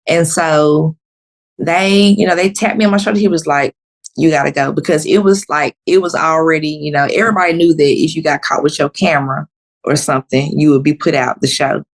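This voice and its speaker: A woman in her thirties tells her story on a podcast, casual and blunt. Her voice sits low and has a gravelly, fried edge, and when she quotes people her pitch leaps up. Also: a little fast. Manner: animated, acts out quotes with sharp pitch jumps; blunt, unfiltered. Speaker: podcast guest.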